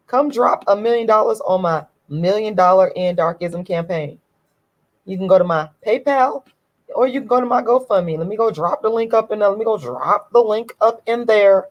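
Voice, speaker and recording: A woman's voice: mid-range voice, lo-fi sound. A woman vlogger giving a ranting commentary to her viewers, emphatic and indignant, repeating her points over and over.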